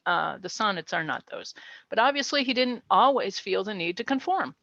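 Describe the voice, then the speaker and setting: A woman's voice: medium pitch, lively intonation, normal speed, vocal fry, fairly bright tone, no room sound, lo-fi sound. Chatty woman giving a literature talk. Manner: chatty, with light laughs and asides. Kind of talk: casual educational talk.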